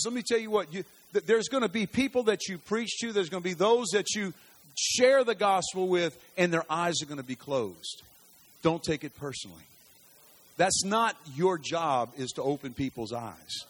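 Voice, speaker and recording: A preacher with a husky, breathy edge to his voice and a drawl. He tells folksy stories from the pulpit, rising to loud cries and then dropping to near-whispers. His voice sits a little higher than most men's. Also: moderate pace. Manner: animated, folksy storytelling with sudden loud bursts and hushed drops. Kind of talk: sermon.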